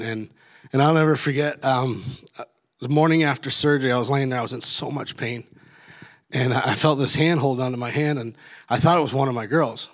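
A middle-aged man from Canada telling a long personal story in a casual, rambling way, with many restarts and laughs at his own tale. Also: mid-range voice.

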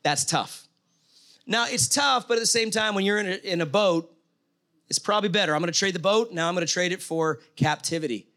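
Man, high voice, middle-aged, preaching, chatty storytelling, asks the room questions. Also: a little fast, bright, forceful tone. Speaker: pastor. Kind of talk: sermon.

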